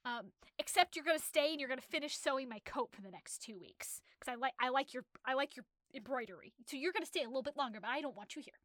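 A woman voicing an angry, lovesick male gentleman employer who blusters and sulks. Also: sits high, lively intonation, fast talker, hardly any pauses, no echo, studio quality. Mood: scornful. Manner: blustering, petulant outbursts.

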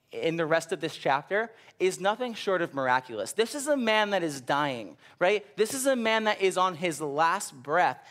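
Young male pastor, lively conversational sermon. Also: a little high. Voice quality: stammers and repeats words. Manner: animated, conversational preaching with frequent "right?" asides.

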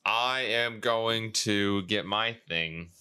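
Deep-voiced laid-back man. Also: slow pace, pushed and bright, smooth. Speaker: podcast co-host. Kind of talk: casual chat.

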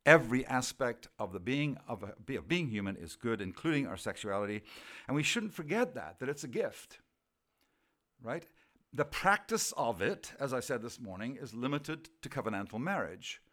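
A man's voice: medium pitch, big pitch swings, moderate pace, fairly bright tone. A man speaking as a theologian at a church evening, opening with a prayer and talking in an earnest, self-deprecating way with rhetorical questions. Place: church gathering.

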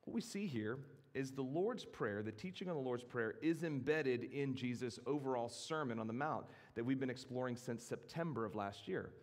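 A man preaching a sermon in a measured, reflective way, his voice sitting at an ordinary middle pitch. A long reverb hangs after his words, as in a large hall. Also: expressive. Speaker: pastor.

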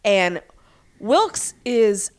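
A woman's voice: medium pitch, big pitch swings. A woman co-hosting a casual podcast, retelling the scenes of an episode and acting out bits of the characters' lines. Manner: recaps scenes with quick acted-out quotes, lots of "um" and "like". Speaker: podcast co-host recapping a TV episode. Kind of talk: casual chat.

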